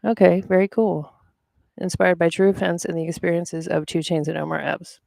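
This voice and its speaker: Podcast host, gravelly voice, dry close mic, rambling casual chat. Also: medium pitch, level tone, normal speed, darkish tone, no room sound. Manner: rambling, talks to self while browsing.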